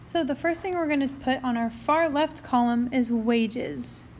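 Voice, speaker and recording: A woman's voice: high-pitched, measured pace, darkish tone, a little hiss or hum. A woman math teacher with the hiccups, talking through a recorded lesson in a chatty, upbeat way and explaining each step as she goes. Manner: chatty and upbeat, talks through her steps. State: has the hiccups.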